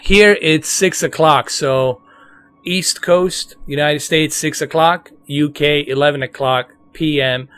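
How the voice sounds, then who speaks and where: A man's voice: fairly high pitch, steady tone, slow, a bit bright. A man with a New York accent giving casual live commentary on a game to his viewers. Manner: casual, chatty, addresses viewers. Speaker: streamer.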